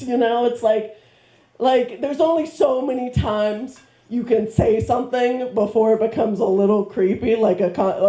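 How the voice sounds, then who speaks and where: A woman does a stand-up set on a handheld mic in a comedy club, rambling with fillers and making self-deprecating jokes. Her voice is on the high side with a warm tone, and the recording carries a roomy club sound.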